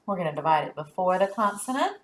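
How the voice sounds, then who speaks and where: A woman teaching a children's phonics lesson, giving clear directions and encouraging praise. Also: on the low side, sing-song. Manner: slow, clear, drawn-out words.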